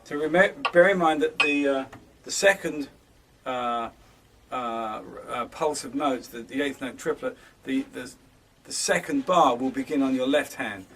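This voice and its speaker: A man's voice: medium pitch, measured pace, background noise. A man teaching drums, explaining rhythm groupings in a hesitant way with many fillers and restarts. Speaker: drum teacher. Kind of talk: instructional drum lesson, counting beats aloud. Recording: distant mic with loud drums and metronome.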